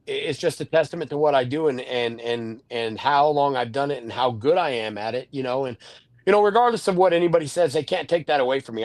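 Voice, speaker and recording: A man's voice: medium pitch, dry recording. A middle-aged man, a wrestling manager, answering interview questions in a rambling way, full of fillers and restarts. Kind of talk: candid podcast interview.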